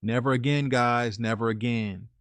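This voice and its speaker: A man's voice: mid-range voice, steady tone, moderate pace, dry recording. Man narrating a story, dry close sound. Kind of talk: first-person story narration.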